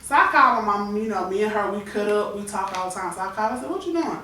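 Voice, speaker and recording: A woman's voice: medium pitch, very fast, pushed and bright, slight background noise. Woman telling a painful story in an echoey room. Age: 30s. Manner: candid, tearful retelling with acted-out quotes. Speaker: guest. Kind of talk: emotional personal storytelling on a talk show. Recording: echoey room, voice from far off the mic.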